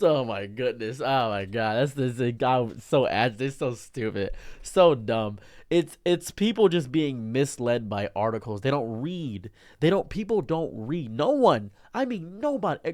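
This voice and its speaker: A young man streamer giving an exasperated, animated ranting commentary. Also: medium pitch.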